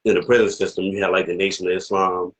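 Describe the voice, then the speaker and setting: Fast and flat, a low-pitched man interviews an elder in a casual discussion, heard over poor audio. He rambles through many "you know what I mean" asides and then pushes emphatic questions.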